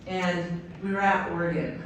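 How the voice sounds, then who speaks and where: A woman's voice: fairly low pitch, fairly even intonation, moderate pace, distant mic, a little hiss or hum. Echoey woman speaking to a stadium. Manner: enthusiastic, storytelling, many fillers. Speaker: head volleyball coach, guest speaker. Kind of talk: speech to a stadium crowd. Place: outdoor stadium.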